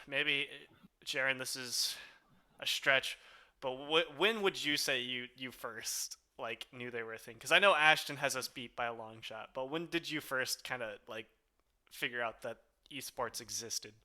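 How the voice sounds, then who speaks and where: A young man hosting a casual podcast, chatty and quick to laugh, with lots of fillers. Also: medium pitch, pushed and bright. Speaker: podcast host.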